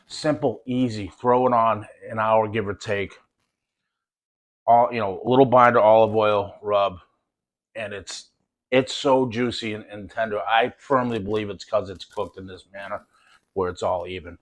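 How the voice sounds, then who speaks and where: Enthusiastic low-voiced man demonstrating cooking. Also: fairly even intonation, moderate pace. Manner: enthusiastic, folksy, addresses viewers as folks. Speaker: cooking show host.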